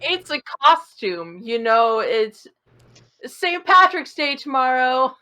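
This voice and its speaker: A high, bright-voiced woman bantering in a tabletop game. She speaks unhurriedly, with big, animated swings in pitch and frequent laughter. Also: slow. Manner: playful, animated, laughs often. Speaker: player.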